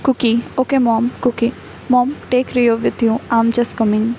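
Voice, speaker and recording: Even-toned woman reading a fan story. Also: on the high side, normal speed, a little hiss or hum, low-quality recording. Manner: reads speaker names and cues aloud in an even, unvaried tone. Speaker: fan fiction reader. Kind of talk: flat read-aloud of a fan fiction chat story.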